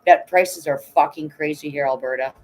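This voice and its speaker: Greeting viewers by name and swearing often, a middle-aged Canadian woman chats bluntly and emotionally on her casual livestream. Her deep, darkish voice moves at normal speed, and the recording is rough.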